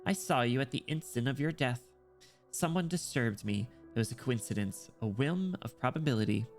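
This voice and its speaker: A man reading aloud the lines of a cold, matter-of-fact female priestess, flat and emotionless. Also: mid-range voice, normal speed, soft background music, natural voice. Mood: detached.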